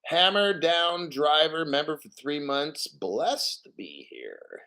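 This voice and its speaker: A man's voice: fairly high pitch, sing-song, slow, sharp tone. A man hosting a casual livestream, reading financial news and chat comments aloud and giving blunt, profane opinions.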